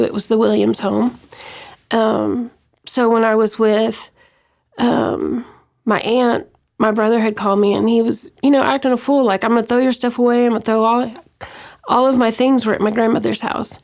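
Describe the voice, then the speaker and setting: A gravelly-voiced woman from West Texas, her voice a little high, gives a personal account as an interview guest. She sounds hesitant, with many ums and restarts.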